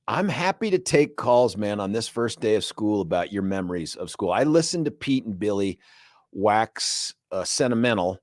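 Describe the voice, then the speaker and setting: A middle-aged man hosting a radio talk show, telling stories in a jokey, animated way with laughs. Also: on the low side, dry recording, studio quality. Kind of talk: casual radio chat. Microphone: studio microphone.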